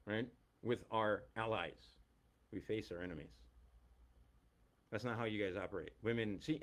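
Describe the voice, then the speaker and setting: Animated middle-aged man ranting. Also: mid-range voice. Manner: emphatic, blunt and profane. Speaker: teacher. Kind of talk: ranting monologue.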